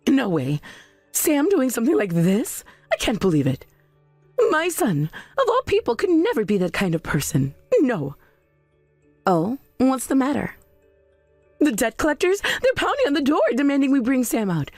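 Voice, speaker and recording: A woman's voice: sits high, big pitch swings, a little slow, darkish tone, no room sound, faint music behind, full character voice. A woman voicing an indignant, defensive mother. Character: defensive middle-aged mother, blame-shifting and indignant.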